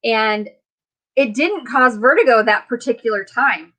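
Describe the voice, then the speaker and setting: A middle-aged woman hosting a casual live chat, chatty and quick to laugh as she retells what people said to her. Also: on the high side, pushed and bright, rough recording. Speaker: host.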